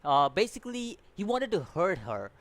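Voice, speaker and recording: A man's voice: high-pitched, very animated, moderate pace, a bit bright, no echo. A man giving a casual, rambling review, often restarting his sentences and sounding exasperated. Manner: rambling, repeats words, many restarts and fillers; exasperated, complaining. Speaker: anime reviewer.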